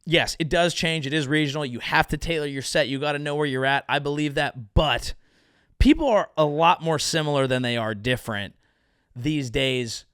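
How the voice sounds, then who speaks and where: A man's voice: fairly high pitch, normal speed, fairly bright tone, clear, resonant tone, no echo, clean studio sound. A young man from the Bay Area who hosts a comedy show, riffing on the news with wry, self-mocking asides. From San Francisco Bay Area, USA. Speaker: comedian host.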